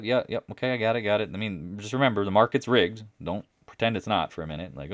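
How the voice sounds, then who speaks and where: A man doing a live market chat, blunt and brash, swinging between loud remarks and muttered asides, and mocking other people in a higher voice when he quotes them. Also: animated, brisk, no room sound, clean studio sound. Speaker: market commentator.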